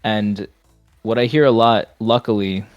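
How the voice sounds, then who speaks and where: A man's voice: lowish voice, steady tone, unhurried, dry recording, highs cut off, soft background music. A man chatting as a podcast guest, easygoing and rambling with casual swearing.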